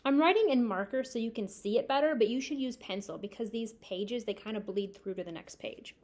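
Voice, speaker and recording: A woman teacher with a slightly high, somewhat mellow voice records a spelling lesson for young children. She spells words slowly and clearly, letter by letter, and prompts them to repeat after her.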